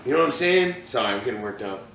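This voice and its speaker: A man co-hosting a podcast, telling crude stories in animated casual banter. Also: mid-range voice, fast talker, creaky, roomy sound, far from the mic, background noise. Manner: crude, animated storytelling, swears a lot. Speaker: podcast co-host.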